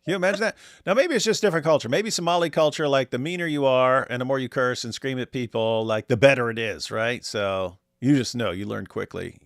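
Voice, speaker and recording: A man's voice: mid-range voice, quick pace, few pauses, no echo, clean studio sound. A man hosting a casual reaction commentary, telling rambling stories with jokes and sarcasm. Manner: rambling, joking, sarcastic storytelling. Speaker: commentary host.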